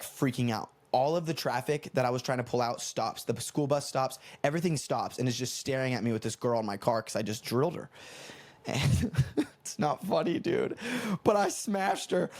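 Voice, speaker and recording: A young man from the United States hosting a comedy podcast, telling a rambling, animated story and correcting himself as he goes. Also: mid-range voice. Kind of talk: casual storytelling monologue.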